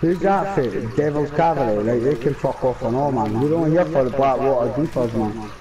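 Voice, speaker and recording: A man playing an online game with friends, shouting callouts and swearing excitedly over a headset. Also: mid-range voice, brisk, a loud crowd, low-quality recording. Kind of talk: excited gaming chat with teammates.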